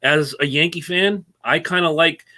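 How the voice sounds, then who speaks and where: Bright-voiced man ranting about racing. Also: fairly high pitch, moderate pace. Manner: opinionated, animated ranting. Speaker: co-host. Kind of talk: casual sports talk.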